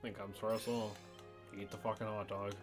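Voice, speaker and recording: A man's voice: fairly low pitch, level tone, brisk, over music. A man co-hosting a let's play with dry, crude jokes while he plays. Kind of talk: casual gaming banter.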